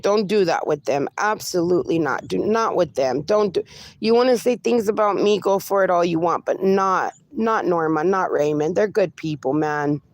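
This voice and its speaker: A woman hosting a casual livestream from her fenced yard, cooing baby talk at her dogs between replies to viewers. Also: on the low side. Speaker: livestream host.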